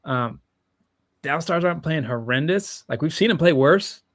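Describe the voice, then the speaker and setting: A man's voice: fairly high pitch, expressive, moderate pace, no room sound, clean studio sound. A young man co-hosting a sports podcast, talking casually and hesitantly with many fillers. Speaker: podcast co-host.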